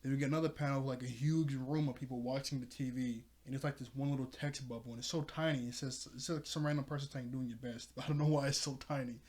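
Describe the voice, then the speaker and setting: A man's voice: medium pitch, fairly even intonation, quick pace, few pauses, darkish tone. A man casually recapping and reviewing a comic chapter, rambling, correcting himself, with frequent ums and small laughs. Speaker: manga reaction host.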